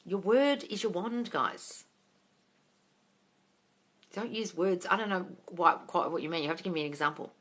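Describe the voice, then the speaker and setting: A woman reads out and answers viewer questions on a live stream. She is blunt and sweary and keeps calling people darling. Her voice sits a little low but sounds bright and forceful. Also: expressive, moderate pace, long pauses. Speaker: manifesting coach. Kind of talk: livestream Q&A.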